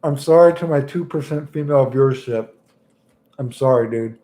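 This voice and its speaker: A man's voice: mid-range voice, moderate pace, dark tone. A man livestreaming in casual chat, rambling and making crude jokes as he talks about fighting games.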